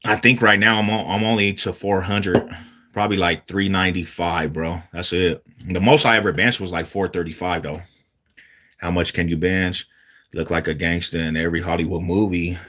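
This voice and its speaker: Laid-back deep-voiced streamer from Denver. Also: male voice, a bit bright. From Denver, Colorado. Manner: laid-back slangy talk, reads viewer comments aloud then answers. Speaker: livestreamer answering chat. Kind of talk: casual livestream chat.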